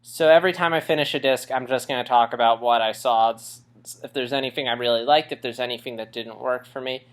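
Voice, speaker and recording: A man's voice: medium pitch, fairly even intonation, quick pace, few pauses. A young man vlogging about a cartoon series, a little out of breath after a run, rambling casually with restarts. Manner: rambling, with restarts and shifts in loudness. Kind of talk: casual unscripted rambling vlog.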